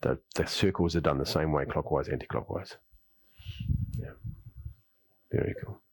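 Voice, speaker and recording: A qigong instructor with an Australian accent guides a class through breathing and movements, then rambles about his own theories, repeating words and saying "yep" often. His bass voice is a little mellow and slightly rough, at a normal speed, with no echo.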